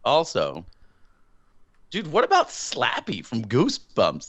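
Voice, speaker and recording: A young man co-hosting a casual movie review podcast, animated, swearing and laughing often. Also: fairly low pitch, normal speed. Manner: animated, swearing, breaks into laughter and mock voices. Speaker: podcast co-host.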